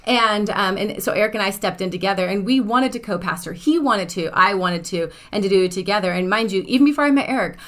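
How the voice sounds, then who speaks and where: A woman's voice: medium pitch, fast, few pauses. A woman in her thirties, a co-pastor, telling stories in casual conversation and acting out the dialogue. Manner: animated storytelling, acts out quoted dialogue.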